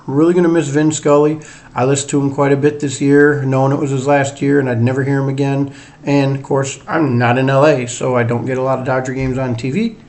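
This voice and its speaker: A middle-aged man with a mixed Northern and Southern US drawl, hosting a casual solo sports show in a rambling, chatty, self-deprecating way. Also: mid-range voice. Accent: mix of Northern US and Southern US drawl. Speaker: sports podcast host.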